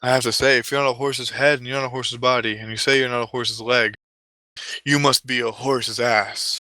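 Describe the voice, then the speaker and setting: A man's voice: mid-range voice, steady tone, moderate pace, pushed and bright, no echo, close to an everyday voice. A man doing an old, fumbling clown. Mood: flustered. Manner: hesitant, fumbling with ums and polite fillers. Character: old decrepit male circus clown, nervous.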